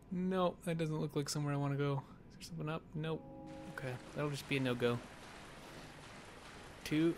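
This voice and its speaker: A man's voice: on the high side, slight background noise. A man giving jokey let's play commentary, rambling and muttering to himself as he plays. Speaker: gamer.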